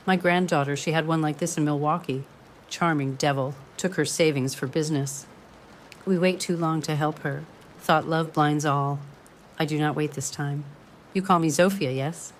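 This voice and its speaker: A woman's voice: deep voice, steady tone, moderate pace, a little hiss or hum, lightly acted. A woman voicing a tiny, fierce elderly grandmother neighbor with a thick Polish accent and blunt, broken-English speech. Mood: blunt, protective.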